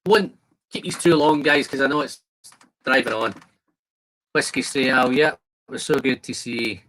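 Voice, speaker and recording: A man's voice: medium pitch, normal speed, pushed and bright, slight background noise, poor audio. A man hosting a casual live stream, chatting loosely and laughing often. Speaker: livestream host. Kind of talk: casual chat.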